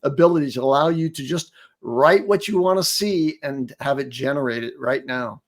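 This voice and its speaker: A man's voice: medium pitch, lively intonation, moderate pace. A man on a chat panel, playful and joking.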